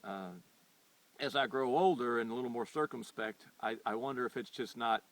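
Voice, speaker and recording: A man's voice: mid-range voice, moderate pace, no room sound. A middle-aged American man hosting a firearms channel, talking off the cuff in an earnest, insistent way and tripping over repeated words. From United States. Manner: rambling, with frequent stumbles and repeated words; earnest and insistent when arguing. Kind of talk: unscripted opinion monologue. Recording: voice picked up from a distance.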